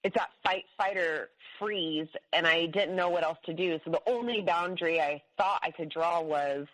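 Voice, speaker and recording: A woman's voice: on the low side, normal speed, fairly bright tone, low-quality recording. A woman, a guest on a talk show, telling her personal story in a rambling, emphatic way, full of restarts and fillers.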